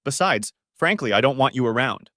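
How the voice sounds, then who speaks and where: A man voicing a betrayed husband who speaks calmly but caustically to his unfaithful wife. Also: medium pitch, a little fast, no echo, clean studio sound. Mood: stern. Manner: calm but cutting, caustic. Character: betrayed, coldly angry husband.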